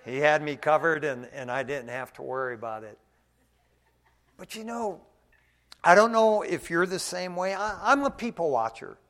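Folksy preacher man, fairly high voice. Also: normal speed. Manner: casual and folksy, often adds "man", swings from quiet to loud. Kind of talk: conversational sermon.

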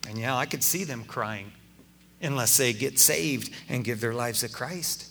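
An older man preaching a sermon to his church in an animated, folksy way, dropping "man" into his sentences. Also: mid-range voice, measured pace, gravelly, slight background noise. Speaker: pastor.

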